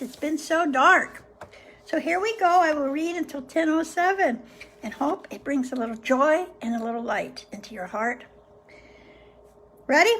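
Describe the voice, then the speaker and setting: Woman, host reading a book aloud, gentle musing asides, slow pace, high voice. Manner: gentle, unhurried, pauses to muse on passages. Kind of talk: reading aloud with casual reflections.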